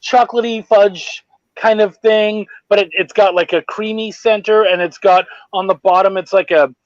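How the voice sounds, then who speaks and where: An excitable Canadian man hosts a casual chat with a high, lifted voice, swearing freely as he goes. The sound is dry and a little dull, with no room behind him. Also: normal speed, no echo. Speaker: podcast host.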